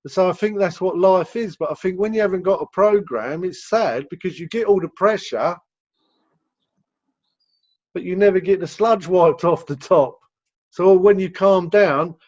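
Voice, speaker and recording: A man's voice: sits high, darkish tone. A man from the United Kingdom leading a recovery group on a video call, talking in a rambling way and restarting his sentences often. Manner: rambling, repeats words when starting sentences. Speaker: rehab director leading a group session. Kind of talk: conversational teaching on a video call. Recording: dull lo-fi video call audio.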